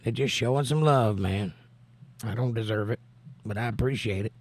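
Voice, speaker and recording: A man with a Southern US accent and a hoarse voice, hosting a livestream and reading chat comments aloud in an easygoing, drawling way. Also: lowish voice, normal speed, darkish tone. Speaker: livestream host.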